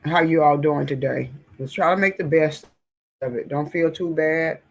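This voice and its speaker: A woman's voice: low-pitched, normal speed. A woman giving blunt, indignant, folksy political commentary in a casual talk. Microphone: screen-share recording.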